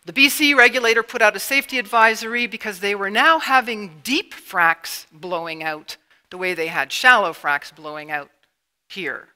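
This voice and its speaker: A middle-aged woman from Canada giving a public lecture, emotional and halting with sudden emphatic bursts. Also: medium pitch, sharp tone. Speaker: public speaker. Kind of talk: lecture presentation with slides. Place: university lecture room.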